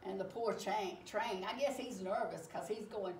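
A woman reading a picture book aloud to children, animated and expressive as she tells the story. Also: mid-range voice, moderate pace. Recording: echoey room, distant mic, faint hiss.

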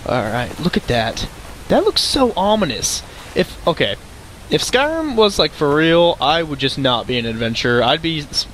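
A man giving chatty, excitable let's play commentary, talking to the game's creatures. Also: mid-range voice, a little hiss or hum. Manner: excitable, chatty, talks to game animals. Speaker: game streamer.

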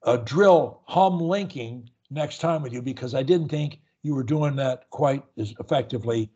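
A man's voice: mid-range voice, normal speed, mellow, slightly rough, dull audio. A man coaching speech in an earnest, emphatic way, often repeating words. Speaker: stuttering coach. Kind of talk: coaching session.

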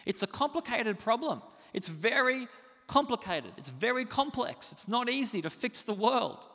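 A man preaching a sermon as pastor, animated and conversational, asking the congregation rhetorical questions. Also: sits high, normal speed, long reverb tail.

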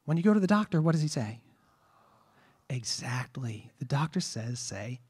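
A man's voice: fairly high pitch, sing-song, fairly quick, a little mellow, breathy edge. A man teaching a trombone masterclass, explaining breathing with rhetorical questions and demonstrated vowel sounds. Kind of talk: masterclass lecture.

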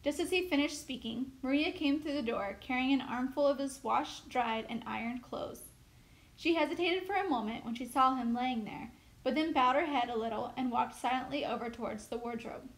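A woman teacher reading a novel aloud in steady, measured storytelling. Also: high-pitched, low-quality recording.

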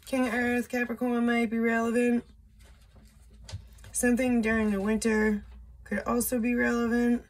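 A woman doing a casual solo tarot reading, slow and musing, thinking aloud with blunt asides. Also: a little high, monotone. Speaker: tarot reader. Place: indoor room with a window.

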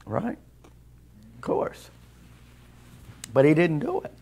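Conversational preaching man, fairly high voice. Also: wildly swooping pitch, slow, gravelly, a little mellow, breathy edge. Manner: conversational preaching, asks the congregation questions. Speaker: pastor. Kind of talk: sermon. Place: church sanctuary.

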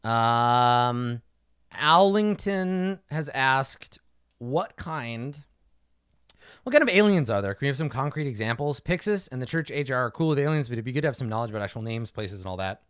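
Blunt, lively-voiced man answering fans. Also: medium pitch, smooth, dry recording, studio quality. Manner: blunt, profane, acts out quick mock dialogue. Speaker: game master answering fan questions. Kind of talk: casual livestream Q&A.

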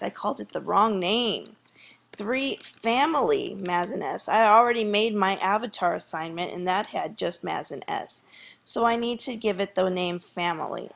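A woman's voice: medium pitch, gravelly. A woman teacher walking through a screen tutorial in a casual way, thinking aloud with fillers.

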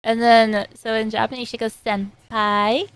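A woman giving casual, excitable reaction commentary as an anime reviewer, often laughing. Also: a little high, a little slow, no room sound. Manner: excitable, giggly.

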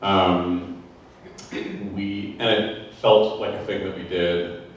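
Hesitant low-voiced man in an echoey hall. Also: little pitch movement, takes it slowly, distant mic, dull audio, a little hiss or hum. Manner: hesitant, full of fillers. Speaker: co-host of a literary salon. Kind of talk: casual onstage conversation. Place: large synagogue hall.

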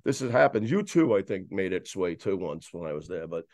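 A man chatting casually as a guest, telling a long story in a lively, rambling way with many restarts. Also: deep voice, brisk, no room sound. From New York. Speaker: guest describing a concert. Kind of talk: casual chat.

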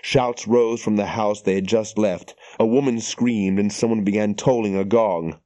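A man reads an audiobook aloud in a lowish voice, keeping a steady, measured narrative pace, captured in a dry recording.

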